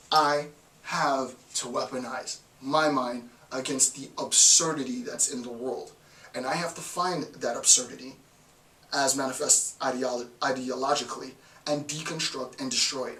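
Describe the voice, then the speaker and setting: A man giving an informal philosophy lecture, emphatic and forceful, often checking in with "right?". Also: medium pitch, slight background noise. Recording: echoey room, voice from far off.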